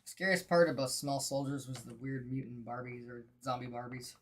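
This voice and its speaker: A woman with a very deep voice co-hosts a casual stream. She is laid-back and laughs softly while she adds bits of movie trivia. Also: fairly even intonation, moderate pace, a little hiss or hum. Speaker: co-host. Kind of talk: casual chat.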